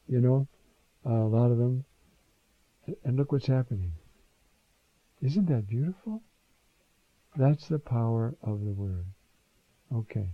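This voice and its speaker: Animated male preacher, dull lo-fi sound. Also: a little high, creaky, no room sound. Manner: animated preaching with rhetorical questions and asides. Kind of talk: sermon. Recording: dull lo-fi recording.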